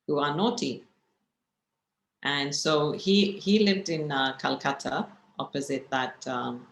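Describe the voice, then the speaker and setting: A woman's voice: low voice, echoey room, low-quality recording. A woman meditation teacher giving a spiritual class, telling stories and asking her listeners rhetorical questions.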